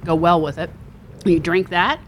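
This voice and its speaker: A rambling woman co-host chatting casually in a restaurant, low-pitched and self-deprecating. She restarts her sentences often, with faint background noise behind her. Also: steady tone, moderate pace. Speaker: podcast co-host. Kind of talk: casual chat.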